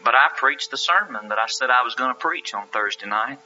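This is a man delivering a sermon in a sharp, bright voice that rises and falls with animation. He leans on emphatic rhetorical questions and tells his story earnestly. The recording is dull and lo-fi. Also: medium pitch, expressive, fairly quick, a little hiss or hum. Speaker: preacher. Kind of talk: sermon with anecdote.

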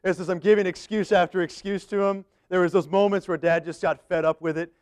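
A man's voice: high voice, steady tone, brisk, hardly any pauses, darkish tone, no echo. A man reading scripture aloud as a preacher, with conversational asides between verses.

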